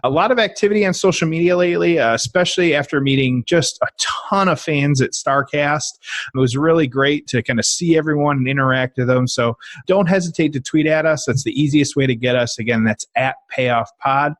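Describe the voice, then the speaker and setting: A man co-hosting a wrestling podcast, relaxed as he runs through the show's plugs. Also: a little high, fairly quick, no room sound. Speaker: podcast co-host. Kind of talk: casual podcast chat.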